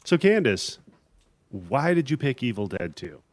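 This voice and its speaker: A man's voice: mid-range voice, big pitch swings, unhurried, no room sound. A man hosting a casual horror podcast, loose and jokey, swearing freely. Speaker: podcast host.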